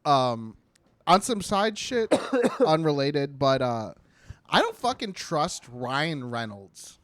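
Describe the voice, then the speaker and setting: Loose, profane man with lively pitch. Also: slow pace, no echo. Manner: loose, profane, rambling storyteller. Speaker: podcast co-host. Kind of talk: casual chat.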